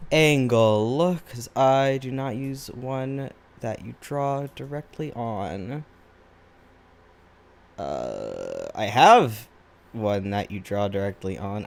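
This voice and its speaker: A tired man talks his way through a drawing session in a fairly low voice. His delivery is slow and unhurried, wandering from thought to thought with self-deprecating asides in an easy, casual tone. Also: creaky. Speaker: artist drawing on camera. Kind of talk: casual chat while drawing.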